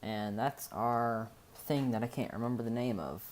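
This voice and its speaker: A man's voice: mid-range voice, normal speed, slight background noise. A man narrating a casual game-building tutorial, thinking aloud as he goes and often stopping to correct himself.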